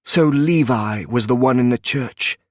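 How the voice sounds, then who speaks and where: In a dry, studio-quality recording, a male narrator speaks a little slowly at medium pitch, raised slightly above his natural voice yet still close to everyday speech. He voices a guarded former female assassin who pleads and argues with mounting emotion.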